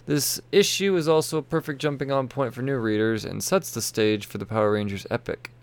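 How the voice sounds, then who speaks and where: A tired, yawning man hosts his comic book podcast from a home room with shelves of toys behind him, chatting solo as he reads through new releases. His medium-pitched voice is clear and resonant and moves a little fast. He rambles, swears casually and keeps interrupting himself.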